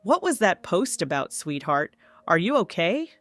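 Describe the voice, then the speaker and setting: A fussy, gushing aunt, as a woman narrator puts her on, her voice lifting high and excited. It is part of a read-aloud story. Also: measured pace, dry recording, soft background music, heavily acted.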